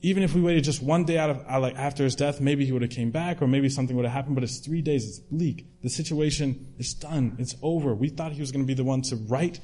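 A man's voice: medium pitch, quick pace, hardly any pauses, warm tone. A man preaching a sermon in a conversational way, retelling a story with restarts and fillers.

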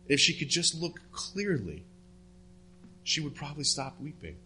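A man preaching a sermon, retelling a story and dropping his voice low and soft for the quoted words. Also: very animated, normal speed, a little hiss or hum. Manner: storytelling, drops to hushed tones for quoted words.

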